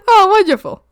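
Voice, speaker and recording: A young woman talks to her stream chat from home, rambling through stories with plenty of ums and giggles. Her voice swings widely, leaping into high squeals when she gets excited. The sound is dry and close, with no room around it. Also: no echo. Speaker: art streamer. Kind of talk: casual chat while reading chat. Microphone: desk mic at a streaming setup.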